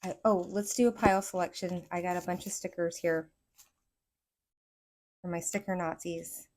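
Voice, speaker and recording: A woman with a Southern accent giving a casual pick-a-card tarot reading, excitable and rambling as she talks to her viewers. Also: fairly low pitch, moderate pace. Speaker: tarot reader.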